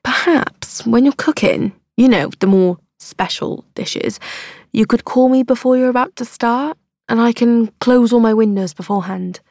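A nosy older neighbour woman, put on by a female reader in an audiobook. She talks in a lilting, sugary, higher voice with a fussy, passive-aggressive edge. The sound is dry and close. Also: normal speed, darkish tone, dry recording. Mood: gushing. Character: prim, prying older English neighbour woman.

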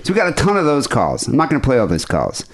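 A man's voice: medium pitch, wildly swooping pitch, quick pace. A man hosting a podcast, joking and rambling in casual banter. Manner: rambling, joking, lots of fillers. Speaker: podcast host.

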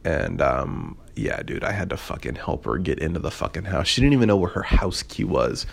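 A man's voice: deep voice, big pitch swings, normal speed, vocal fry. A young man hosting a podcast, telling a story in a rambling, profane, filler-heavy way with a sarcastic edge. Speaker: podcast host. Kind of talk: casual storytelling monologue.

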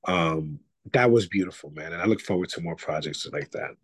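A man's voice: sits low, a little fast, no room sound. A man from Puerto Rico, an actor and comedian, chatting loosely in an interview, full of restarts and "you know.". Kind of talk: casual interview chat.

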